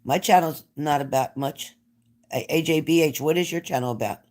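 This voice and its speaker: A chatty man from New Jersey hosts a casual livestream chat, speaking with a high-side voice at normal speed. He reads out and answers viewer comments.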